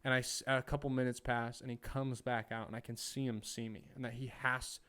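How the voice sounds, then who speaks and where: A young man hosting a podcast, telling a story in casual chat, animated and profane, acting out what people said. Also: mid-range voice, fairly quick, clear, resonant tone. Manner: animated, profane, acts out quotes. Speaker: podcast host.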